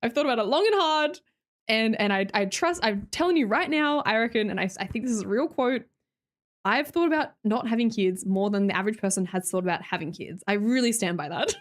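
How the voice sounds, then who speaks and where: A woman's voice: medium pitch, lively intonation, a little fast. A young Australian woman streamer chatting casually with her viewers, blunt and sweary, laughing often.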